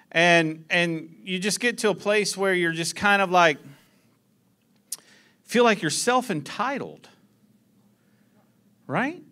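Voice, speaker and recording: A man preaches to his congregation in a high, bright voice. He tells his story with energy and keeps turning to the room with quick questions. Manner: animated storytelling, calls to the congregation. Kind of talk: sermon.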